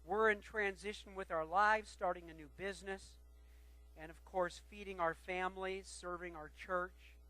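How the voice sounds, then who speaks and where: A pastor preaching a sermon, swinging between loud calls and quiet asides. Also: male voice, sits high, fairly even intonation, normal speed, no room sound, low-quality recording.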